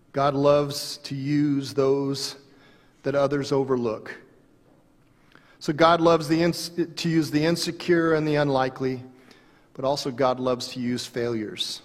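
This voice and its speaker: A man's voice: medium pitch, unhurried. Earnest preacher man in an echoing hall. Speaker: pastor. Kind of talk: sermon.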